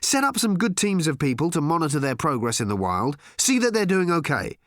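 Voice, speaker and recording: A man reading an audiobook, voicing a brash, breezy male alien traveller who talks fast and bossily. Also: a little high, sing-song, a bit bright, no echo, clean studio sound, voice pushed up. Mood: brisk. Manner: brash, bossy, fast-talking. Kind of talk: audiobook character voice.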